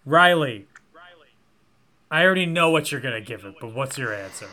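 A man hosting a casual film podcast, leading the segments in a measured, dry way. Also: medium pitch, expressive, pushed and bright. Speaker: podcast host.

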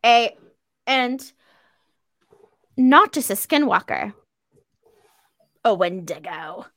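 Give me a bright, giggly woman podcast host who swears casually. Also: a little high, very animated, drawn-out words, no room sound. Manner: giggly, profane, apologetic. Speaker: podcast host presenting slides.

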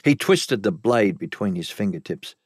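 A man narrating a first-person story with dramatic flair and wide, lively pitch. Recorded dry and close, with no room sound. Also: normal speed, breathy edge, no room sound.

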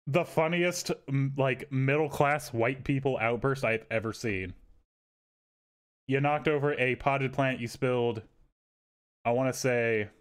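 Animated man telling a story. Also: medium pitch, clean tone. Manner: animated, swearing, acts out quotes in raised voices. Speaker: podcast co-host. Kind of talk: casual storytelling chat.

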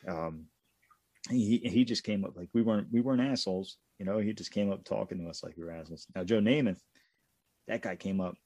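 A man co-hosting a casual podcast, telling profane, animated stories from his youth. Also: on the low side, brisk, no echo. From Pittsburgh area. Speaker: podcast co-host. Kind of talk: casual storytelling chat.

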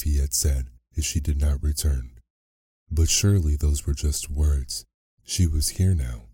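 A man narrating a fairy tale as a sleep story, reading in a slow, soothing, soft way. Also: extremely low pitch, breathy edge, no echo, studio quality.

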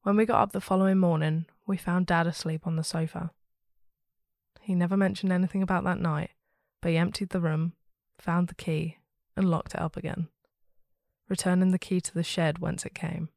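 Podcast host, woman, low pitch, reads ghost stories steadily and expressively. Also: level tone, moderate pace, gravelly, darkish tone, dry recording, clean studio sound. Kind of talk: reading a listener's ghost story aloud.

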